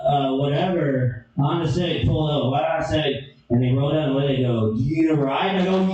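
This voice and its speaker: A young man telling a crude, animated comedy story, now and then breaking into shouted bursts. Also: a little high, fairly quick, far from the mic. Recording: echoey room, from off mic.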